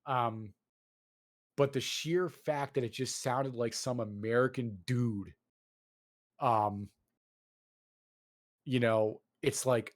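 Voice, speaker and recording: A man's voice: mid-range voice, takes it slowly, pauses often. Ranting man in casual gaming chat. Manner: animated ranting, swearing, lots of fillers.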